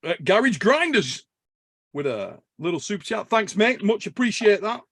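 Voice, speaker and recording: A man's voice: high voice, normal speed, no echo, studio quality. A man hosting a podcast, telling a story in casual chat, swearing and laughing as he goes. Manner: animated, swears a lot, laughs while telling stories. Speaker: podcast host.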